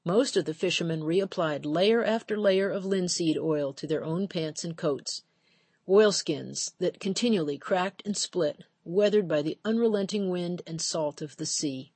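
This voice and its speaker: A woman narrating an audiobook in a measured, steady storytelling voice. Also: lowish voice, breathy edge, no echo. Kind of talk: scripted narration.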